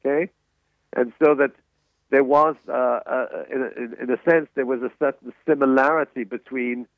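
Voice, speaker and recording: A man's voice: medium pitch, steady tone, no room sound. Older man on a tinny phone line. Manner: halting, many restarts and fillers. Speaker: interview guest, author and emeritus economics professor. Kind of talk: radio interview answers.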